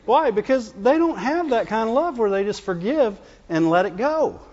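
A man's voice: high voice, animated, normal speed, a little mellow. A man preaching a conversational sermon to his congregation, often checking in with "Amen?" and "Right?". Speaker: pastor. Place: church sanctuary. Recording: dull reverberant church recording.

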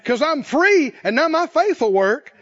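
A man preaching a sermon in a folksy, animated way, chuckling and acting out little voices. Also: very high-pitched, a little slow. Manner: animated, folksy, laughs often, acts out voices. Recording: dull lo-fi sound.

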